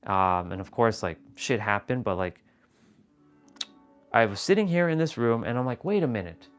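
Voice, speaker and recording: A man hosting a livestream from a room at home, telling a personal story in a casual, animated and confessional way, swearing freely. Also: on the low side, normal speed, smooth, faint music behind. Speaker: livestream host.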